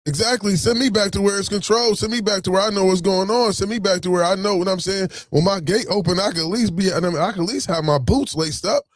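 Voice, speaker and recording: A man telling a story in a casual, animated, streetwise way, swearing freely. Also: high-pitched, fast talker, hardly any pauses, no room sound, studio quality.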